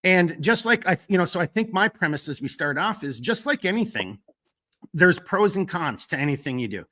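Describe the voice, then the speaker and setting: A man hosting a live stream, chatting casually and rambling through fillers while reading out viewer shout-outs. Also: high-pitched, very animated, moderate pace. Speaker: host of a live stream talk show.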